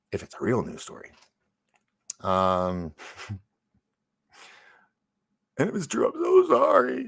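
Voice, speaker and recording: A man's voice: on the low side, fairly bright tone, husky, no echo. A man hosting a casual livestream, reading viewer comments aloud and rambling, often trailing off and restarting. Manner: laughs and gasps between remarks. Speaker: livestream host.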